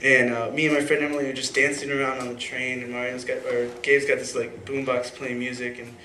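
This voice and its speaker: A young man tells a personal story on stage at a story slam, his mid-range voice level, brisk and sharp. He rambles casually with plenty of fillers and restarts, in an echoey venue with an audience, faint ambience and slight background noise.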